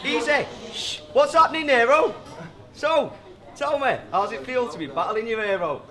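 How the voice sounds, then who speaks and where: A man's voice: very high-pitched, normal speed, loud music behind the voice. A man rapping taunting, crude battle verses in a bar. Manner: taunting, brash, swearing. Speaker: battle rapper. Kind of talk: rap battle verses over a loud crowd. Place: bar venue, indoors. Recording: loud crowd and noise in a bar.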